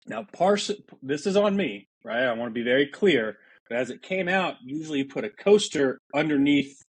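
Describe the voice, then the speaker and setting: Man in a mid-pitched voice telling a story. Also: dry recording. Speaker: podcast host. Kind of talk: casual storytelling chat.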